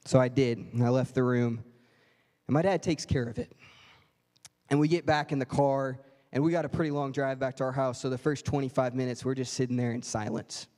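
A man's voice: medium pitch, fairly even intonation, brisk, darkish tone. A man preaching a sermon as a pastor, telling a story and acting out voices in quotes. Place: church sanctuary. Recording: reverberant church hall.

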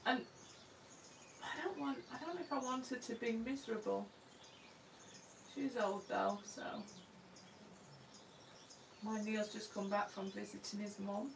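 A woman's voice: a little high, fairly even intonation, unhurried, vocal fry, pauses often, distant mic, noisy background. A woman artist talking through her painting live, chatty and self-deprecating, murmuring to herself as she works. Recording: roomy sound from away from the mic.

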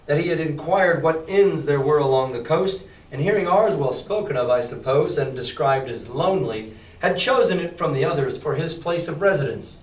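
A man's voice: on the high side, lively intonation, moderate pace. Male teacher reading to a class. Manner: chatty, paraphrases the text in casual slang. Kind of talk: reading aloud and explaining a novel to a class. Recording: roomy classroom, mic far off.

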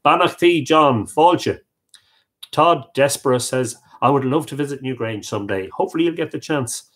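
A man's voice: medium pitch, normal speed, fairly bright tone. An Irish man hosting a live stream, chatting and reading out viewer greetings one by one. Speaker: host.

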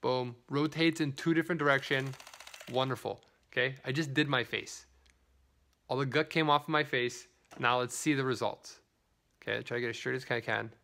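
A man's voice: mid-range voice, moderate pace, vocal fry, sharp tone. A man chatting through a live product demonstration, greeting viewers by name and switching into broken Spanish, filmed on a phone at home. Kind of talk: casual live product demo.

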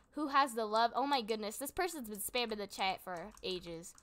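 A woman's voice: fairly high pitch, animated, moderate pace, hardly any pauses, slight background noise. A young woman casually commenting on her gameplay, chatty and giggly, thinking aloud as she goes. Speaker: gaming channel host.

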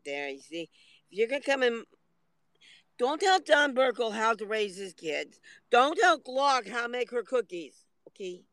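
A man's voice: extremely high pitch, big pitch swings, a little slow, fairly bright tone, dry recording, rough recording. A man rambling through a livestream monologue from a parked car in the hot sun, complaining and aggrieved, at times tearful.

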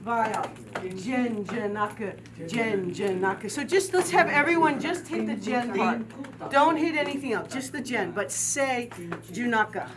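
A woman's voice: on the high side, expressive, measured pace, a crowd in the background. A woman teaching a group drum and dance class, counting steps, chanting rhythm syllables and encouraging her students. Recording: distant mic with loud noise.

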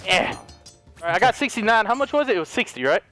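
A young man giving excited co-op gameplay commentary, loud and shrieking with swearing outbursts. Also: sits high, fast, faint music behind. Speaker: gaming YouTuber.

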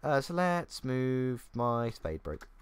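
This gaming YouTuber, a young man, chats casually through his gameplay in a mid-range, sing-song voice that's slow, clear and resonant. The recording is dry, though faint keyboard clicks come through as he muses aloud and teases himself.

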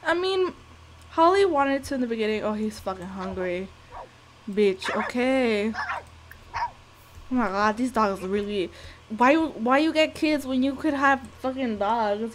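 A young woman giving casual, profane, excitable commentary over a life-sim game, scolding the characters as she plays. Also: on the high side, slight background noise. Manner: profane, excitable, talks to the sims. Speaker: gameplay commentator. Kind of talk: casual let's-play commentary.

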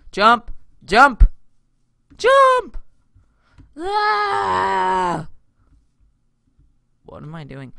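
A young man chatting his way through a block-building game, rambling and filling gaps with little asides. His voice is bright and crisp with a gravelly fry underneath, recorded close on a desktop mic. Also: on the high side. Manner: rambling, chatty, self-interrupting with lots of fillers. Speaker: gaming YouTuber. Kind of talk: casual Minecraft let's play commentary.

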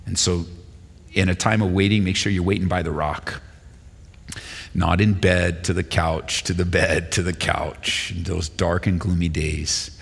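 A male pastor giving a sermon and reading scripture aloud, with an animated delivery that jumps higher in pitch when he quotes speakers. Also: measured pace, vocal fry, husky. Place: church sanctuary. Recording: long hall reverb.

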